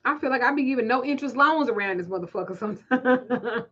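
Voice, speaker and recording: Bright-voiced, profane Southern woman host. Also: a little high, expressive, quick pace, muffled recording. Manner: profane, laughing, storytelling banter. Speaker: spiritual reader and livestream host. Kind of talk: casual livestream chat.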